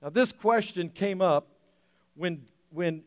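A man delivering a sermon in a fairly high voice, swinging between quiet retelling and loud, fervent bursts. The sound is dry and close, with no room around it. He often restarts phrases as he builds the story. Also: moderate pace, no echo. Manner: animated storytelling preacher, rising to loud emotional peaks, many restarts. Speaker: pastor.

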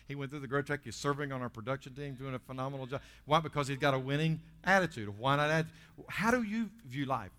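A man preaching a sermon in church, swinging between loud bursts and quiet asides. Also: mid-range voice, quick pace. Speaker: pastor.

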